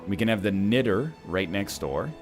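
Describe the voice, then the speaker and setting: Canadian guy streaming a game, lowish voice, really lively pitch, rambly jokey chatter. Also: moderate pace, faint music behind. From Canada (Ontario). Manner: rambling, joking asides. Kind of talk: casual gameplay commentary.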